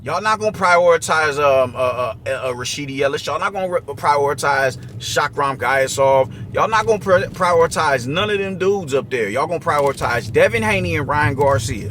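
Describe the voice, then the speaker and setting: Brief: young New guy, high voice, loose profane street talk, noisy recording with car sounds behind. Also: fairly bright tone. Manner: profane, slangy, restless and repetitive. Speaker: boxing commentator. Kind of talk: casual commentary rant.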